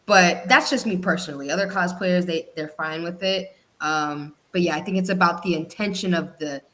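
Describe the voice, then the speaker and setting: A woman in a casual panel discussion, speaking thoughtfully and in a measured way. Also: fairly low pitch, pushed and bright.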